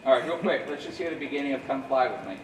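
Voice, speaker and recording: A man coaches a school jazz band in an echoey rehearsal room or auditorium, talking rapidly in a mid-range, lively voice. He scats rhythms to demonstrate phrasing and counts the players in, captured from a distance on a noisy recording.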